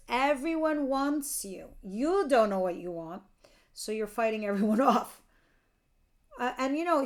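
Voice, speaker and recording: A woman giving a casual tarot reading, chatty and candid, who laughs easily and swears now and then. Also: medium pitch. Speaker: tarot reader.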